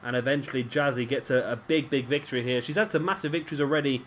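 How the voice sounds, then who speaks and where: A man's voice: medium pitch, fast, fairly bright tone, a little hiss or hum. A man giving casual, rambling commentary over a wrestling video game and often correcting himself. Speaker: gaming commentator.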